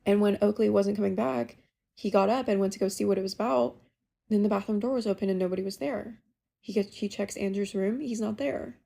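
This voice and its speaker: A young woman casually telling a ghost story she lived through, in a chatty, animated way. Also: mid-range voice, a little fast, vocal fry. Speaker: caller sharing a ghost story.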